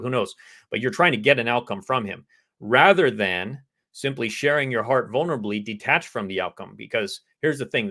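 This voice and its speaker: A man co-hosting a dating advice show, earnestly explaining relationship ideas and answering viewer questions. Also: lowish voice. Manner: earnest, explanatory, quotes women's pleas in a softer voice. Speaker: dating coach co-host.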